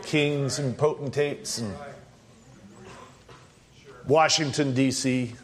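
A middle-aged man preaching a sermon as pastor, emphatic, jumping up for loud points and dropping low for asides.

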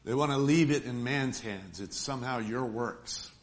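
A man's voice: mid-range voice, normal speed. A man preaching an emphatic sermon in a church, repeatedly calling out to the congregation for amens.

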